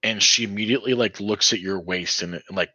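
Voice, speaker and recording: A man's voice: fairly low pitch, fairly quick, sharp tone, no room sound, lo-fi sound. A man running a tabletop game as game master, rambling with many fillers.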